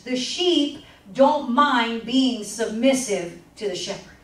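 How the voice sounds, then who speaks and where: Woman pastor teaching a sermon, fairly high voice, call and response, echoey church from far off. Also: slow pace. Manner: call-and-response preaching, repeats scripture lines. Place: church sanctuary.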